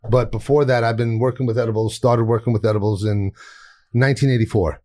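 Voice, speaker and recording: A man, telling stories as a guest in a relaxed interview. He talks in an animated, rambling way, laughing often and restarting his sentences, with a voice of medium pitch. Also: quick pace. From New York. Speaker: cannabis chef guest. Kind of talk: casual storytelling interview.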